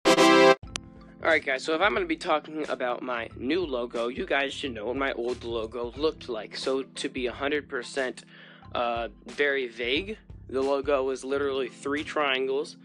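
A man's voice: mid-range voice, normal speed, a bit bright, soft background music. A man hosting a casual fan podcast, talking in a playful, chatty way. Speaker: podcast host.

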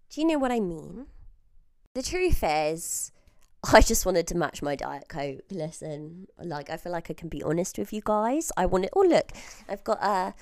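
Chatty young woman, gravelly, close-miked. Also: mid-range voice, no room sound. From southern England. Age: early 20s. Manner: chatty storytelling, laughs often, swears, drops into whispers. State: feeling unwell. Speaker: podcast host. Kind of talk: casual chat. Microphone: very close to the mic.

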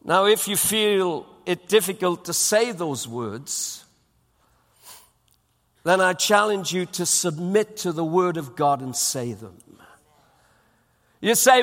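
A man's voice: high voice, expressive, slow pace, long pauses, fairly bright tone, big-room sound. A man preaching a sermon as pastor, emphatic and repeating his phrases for weight. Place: church auditorium.

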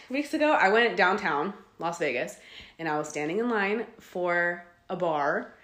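A woman co-hosting a podcast, reading a listener letter aloud and telling her own stories in a chatty, animated way. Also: medium pitch. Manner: chatty and animated, breaks into laughter. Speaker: podcast co-host. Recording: roomy echo.

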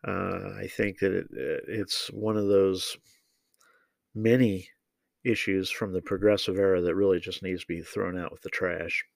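A man giving opinionated solo political commentary, measured and deliberate, with frequent ums and uhs. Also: low-pitched, level tone, gravelly, no room sound.

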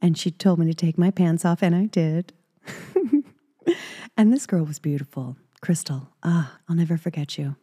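A woman's voice: on the low side, steady tone, normal speed, dark tone, husky. A middle-aged woman from Texas, hosting a podcast and telling a personal story in an intimate, giggly way, often dropping into whispers. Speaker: podcast host.

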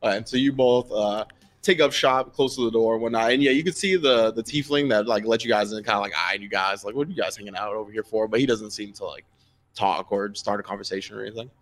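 A man's voice: lowish voice, quick pace. A man narrating a tabletop game as game master, describing scenes in a loose, rambling way full of fillers.

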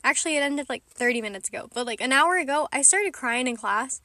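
A woman's voice: high-pitched, lively intonation, fast talker, bright, forceful tone, dry recording, studio quality. A woman hosting a casual vlog from inside her car, rambling and chatty with frequent giggles and self-mocking asides. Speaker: vlogger host.

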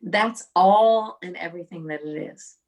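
A middle-aged woman with a low, gravelly voice and a husky, breathy edge. She tells animated stories as a podcast guest, often restarting her sentences. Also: unhurried. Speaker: songwriter guest. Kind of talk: casual podcast conversation.

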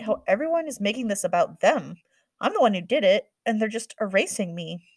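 A woman narrating a first-person audiobook in a quick, earnest storytelling manner. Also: mid-range voice, expressive, a little mellow, dry recording.

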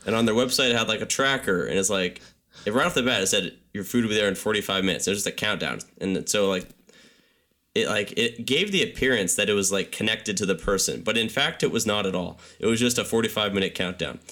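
A young man casually telling a travel story on a podcast, animated and full of filler words. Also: lowish voice.

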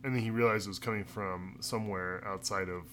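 A man's voice: lowish voice, fairly even intonation, fast talker, a bit bright, a little hiss or hum. A man co-hosting a podcast, chatting casually about a TV episode and mostly answering with short, easygoing agreement. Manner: laid-back, short agreeing replies. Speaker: podcast co-host. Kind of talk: casual chat recapping a TV episode.

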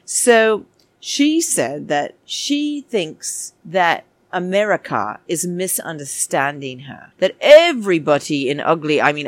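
A woman's voice: low-pitched, dry recording. A woman hosting a chatty, gossipy recap, sarcastic and full of pet names for her viewers. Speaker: show recap host. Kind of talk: casual commentary recap.

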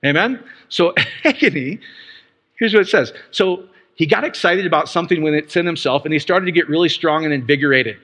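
Male preacher, high bright voice, excitable, laughs often, long hall echo. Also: brisk. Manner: animated, laughing often, explaining scripture word by word. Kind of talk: sermon.

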